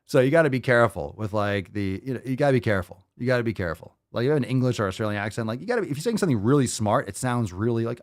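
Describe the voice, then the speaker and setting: A podcast host reacting to videos with sarcastic, profane commentary and mocking asides. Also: male voice, medium pitch, lively intonation, rapid-fire, hardly any pauses, no echo, studio quality.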